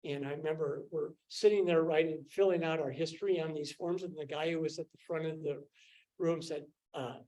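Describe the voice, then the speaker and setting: A man's voice: fairly high pitch, steady tone, a little fast, warm tone, poor audio. Older man telling a rambling story. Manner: rambling, with many fillers and restarts. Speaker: scientist recounting his career. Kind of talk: casual storytelling.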